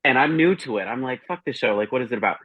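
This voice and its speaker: A man's voice: mid-range voice, lively intonation, very fast, no echo. A man chatting casually as a guest reviewer, telling rambling, profane stories. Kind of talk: casual chat. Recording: dry, dull lo-fi sound.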